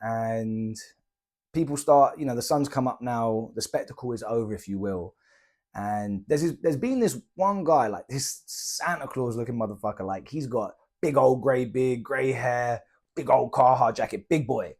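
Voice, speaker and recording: A man's voice: mid-range voice, moderate pace. A young British man casually retelling a travel story, chatty and slangy, acting out the people he met. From Britain. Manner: chatty, slangy, animated retelling with quoted dialogue. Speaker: travel vlogger.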